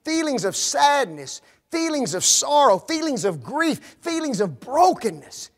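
Very high-voiced male preacher. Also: sing-song, unhurried. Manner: rhetorical questions, dramatic drops to quiet. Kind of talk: sermon.

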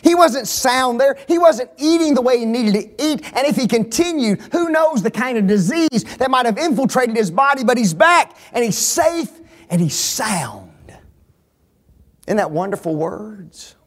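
Emphatic preacher, man, hushed to shouting. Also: very high voice, lively intonation, a little slow. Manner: emphatic, swings from hushed to shouting, rhetorical questions. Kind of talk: sermon.

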